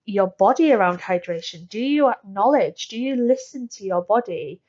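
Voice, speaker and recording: A woman's voice: medium pitch, animated, normal speed, darkish tone, dull audio. A woman hosting a solo wellness podcast, chatty and full of fillers and restarts. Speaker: podcast host.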